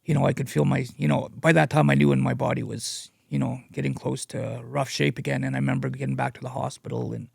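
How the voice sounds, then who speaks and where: A man sharing his addiction recovery story as a guest speaker. He talks in a halting, earnest way and leans on "you know" a lot. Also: medium pitch, little pitch movement, vocal fry, husky, dry recording, studio quality. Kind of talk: personal testimony, casual storytelling.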